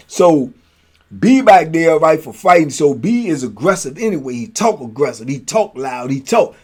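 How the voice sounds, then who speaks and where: Man spinning slangy prison yarns, slightly high voice. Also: moderate pace. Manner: animated, slangy, laughs often, keeps asking "you know what I'm saying". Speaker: host telling prison stories. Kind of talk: casual storytelling.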